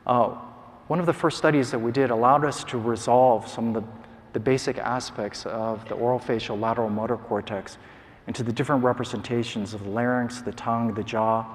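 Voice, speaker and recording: A man giving an academic lecture as a neuroscientist, measured and explanatory with frequent ums and uhs. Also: mid-range voice, fairly even intonation, slight background noise. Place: large conference hall. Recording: long hall reverb.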